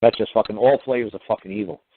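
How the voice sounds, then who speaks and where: A man answers callers on a call-in show, blunt and profane, lecturing as if he has said it all before. He talks fast. His voice comes through dry and thin, with a tinny phone-line sound. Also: on the low side, no room sound. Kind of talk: call-in radio talk.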